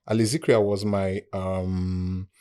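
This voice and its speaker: A man from Nigeria with a Nigerian accent, a podcast guest who tells a story in a casual, animated way and acts out the people he quotes. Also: low-pitched, takes it slowly.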